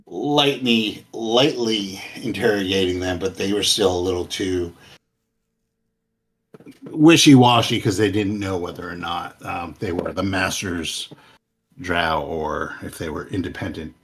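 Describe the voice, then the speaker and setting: Slow, low-voiced man running a tabletop game. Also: a bit bright, husky. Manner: unhurried, loose narration with filler words. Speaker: game master.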